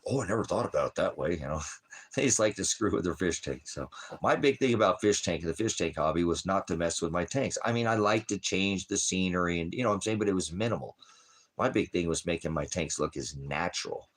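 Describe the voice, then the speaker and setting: A man's voice: low voice, lively intonation, a little fast, slightly rough. A man rambling casually on a livestream, talking to his viewers and his dog about fish tanks. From lived in Alaska. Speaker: livestream host.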